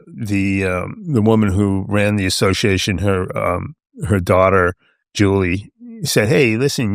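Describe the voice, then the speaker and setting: Clean studio sound with no echo frames a man whose voice is fairly low and a bit bright. He's an older guest from the United States with a New York accent, rambling through casual stories with fillers and false starts while impersonating what others said.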